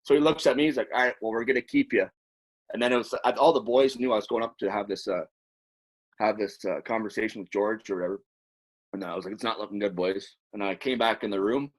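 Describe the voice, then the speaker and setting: A man with a somewhat low voice tells long, rambling stories in a loose, casual way. He swears freely as he talks, like a podcast guest recalling his playing days. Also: fast talker. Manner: rambling, profane, animated storyteller. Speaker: podcast guest, former hockey player. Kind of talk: casual storytelling.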